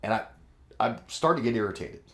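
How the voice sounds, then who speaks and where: A man's voice: lowish voice, fast talker. Profane man telling a rambling story. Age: adult with kids. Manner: profane, animated storyteller, acts out quotes. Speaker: podcast co-host. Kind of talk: casual storytelling chat.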